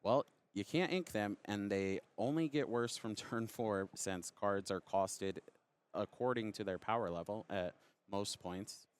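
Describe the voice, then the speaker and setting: Man, deep low voice, color commentator, card game analysis, conversational, analytical. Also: measured pace, clean tone. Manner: conversational, analytical, speaks from own play experience.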